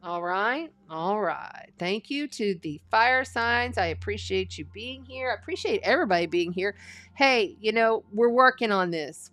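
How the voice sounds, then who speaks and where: Lady doing a chatty tarot reading, earnest and spiritual, mid-pitched voice, soft music behind. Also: animated. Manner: casual, earnest spiritual encouragement; reads card meanings aloud slowly. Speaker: astrology and tarot reader.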